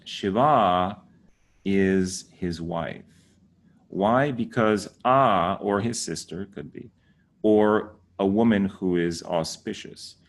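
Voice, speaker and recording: A man's voice: low-pitched, slow. A man teaching Sanskrit pronunciation in a casual tutorial, playful and teasing, with mock exasperation.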